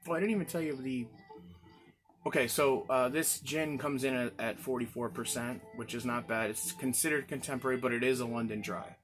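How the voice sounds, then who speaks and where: A man hosting his own gin review show, talking casually and jokingly, prone to excited outbursts. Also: mid-range voice, fairly quick, faint music behind. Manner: chatty, jokey, excitable, with playful outbursts. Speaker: chef. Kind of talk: casual spoken product review.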